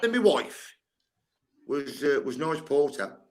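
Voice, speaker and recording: A man's voice: a little high, sing-song, slow. Blunt older man. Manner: blunt, swears freely, tells stories with acted-out dialogue. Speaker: guest, sports coach. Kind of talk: candid storytelling chat.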